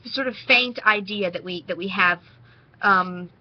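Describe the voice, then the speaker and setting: A woman's voice: medium pitch, measured pace, no room sound, dull audio. A young woman from Tennessee with a Southern accent, rambling casually as she talks straight to the camera in a response vlog. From Nashville, Tennessee. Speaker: vlogger.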